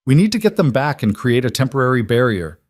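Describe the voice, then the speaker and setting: A man's voice: medium pitch, very animated, a little fast, darkish tone, slightly rough, dry recording, studio quality, pitched above the performer's own voice. A man voicing a determined young ranch woman who gives firm, urgent instructions.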